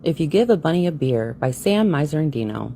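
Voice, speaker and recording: Woman co-host, low, lively delivery, giggly comic story reading with profanity. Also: fairly quick, faint music behind. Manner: giggly, ad-libbing with curse words.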